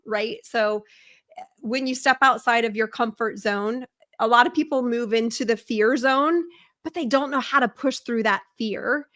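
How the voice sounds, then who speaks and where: A woman's voice: on the high side, moderate pace, a bit bright. A woman hosting an interview, pointing out a lesson in a thoughtful, coaching way. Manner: reflective, coaching tone. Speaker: host. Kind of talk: interview conversation.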